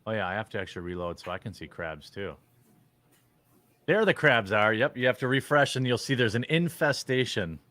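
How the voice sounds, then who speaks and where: A man's voice: fairly low pitch, animated, fairly quick, a bit bright. A man giving casual commentary as a streamer, blunt and opinionated in a mock-serious way.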